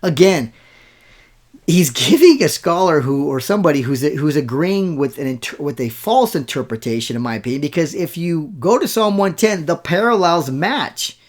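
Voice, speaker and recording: A man's voice: on the high side, lively intonation, normal speed. A man hosting a show, delivering an argumentative rebuttal and hammering his points with repeated words. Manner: argumentative, insistent, repeats key words for emphasis. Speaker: show host and Bible scholar. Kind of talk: rebuttal commentary.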